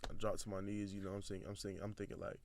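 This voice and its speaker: A young man, a football recruit guest on a podcast, telling his story in a relaxed, rambling way with frequent restarts. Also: lowish voice, racing, slight background noise. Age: young adult. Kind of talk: casual storytelling.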